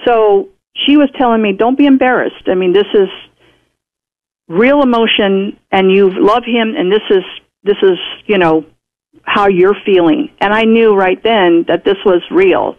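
A radio guest speaks a little slowly in a mid-range voice, sharing a personal story in a chatty manner and playing out the words of others. The recording is muffled radio audio.

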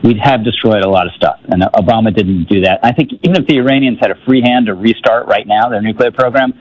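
A man's voice: fairly low pitch, fast talker, highs cut off. A man giving political commentary on a talk radio show, wry and skeptical, often restarting his sentences.

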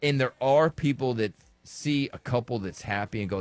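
A man co-hosting a casual podcast chat, animated and joking. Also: mid-range voice, normal speed, no echo. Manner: animated, jokes in an old-timey voice. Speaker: podcast co-host.

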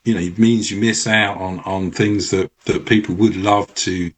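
A man appearing as a guest on a radio show, explaining things in a careful, measured, sometimes halting way. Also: low voice, fairly even intonation, breathy edge. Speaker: studio guest. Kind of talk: radio interview.

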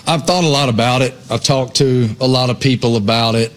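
A man co-hosting a sports talk show in a studio, giving his views in a measured way. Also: medium pitch, fairly even intonation. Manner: measured, thinks aloud with opinions.

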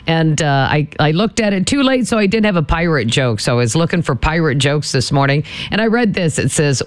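A man's voice: a little high, expressive, fairly quick, hardly any pauses, smooth, no echo. A man hosting morning radio, chatting and retelling a joke in a self-mocking way. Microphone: studio mic.

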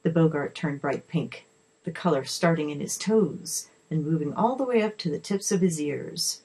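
A woman reading a children's story aloud in a steady, expressive way. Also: low-pitched, normal speed, slightly rough, rough recording.

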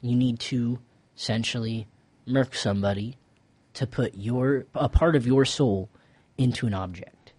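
A young man chats casually as a podcast host, drifting through a recap with plenty of ums and loose slang. His voice sits at an ordinary middle pitch, and his pace is easy and unhurried. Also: a little mellow, slightly rough, dry recording. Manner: laid-back, rambling recaps with many fillers and slang. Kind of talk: casual chat.

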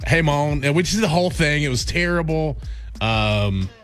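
A man's voice: on the high side, expressive, moderate pace, fairly bright tone, soft background music. A man co-hosting a radio show, telling stories in casual banter with lots of ums and uhs. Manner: rambling storyteller with many fillers.

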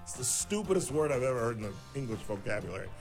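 A man's voice: medium pitch, sing-song, quick pace, darkish tone. A man rants on his own talk radio show, sarcastic and incredulous by turns. Faint music sits underneath his voice. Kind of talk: opinionated talk radio monologue.

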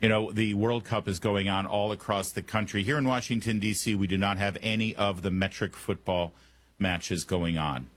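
A man's voice: fairly low pitch, steady tone, moderate pace. A man hosting a talk radio show, delivering a joking monologue full of wry asides and puns. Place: Washington, D.C. studio.

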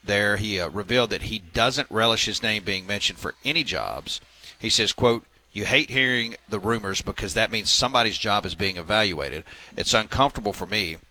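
A man's voice: lowish voice, moderate pace, sharp tone, poor audio. A man hosting a sports talk radio segment, reading news items with filler words and wry asides.

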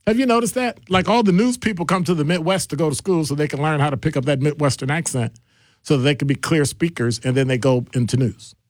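A middle-aged man hosting a casual call-in radio show, talking in a digressive, animated way. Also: fast talker, no echo, clean studio sound. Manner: animated, digressive, jumps between deep and high voices. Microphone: studio microphone.

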